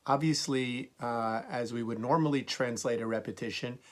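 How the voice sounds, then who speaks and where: A rabbi gives a Torah lesson in a steady voice of middle pitch. He reads the verses slowly and then explains them plainly. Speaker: rabbi teaching Torah commentary.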